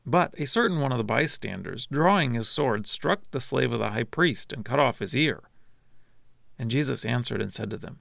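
A man narrating a scripture reading in a steady, measured way. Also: medium pitch, creaky, no echo, studio quality. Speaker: scripture reader.

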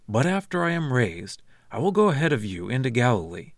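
A man reading the lines of Jesus as a calm, grave teacher in a measured, solemn scripture reading. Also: medium pitch, no echo, studio quality.

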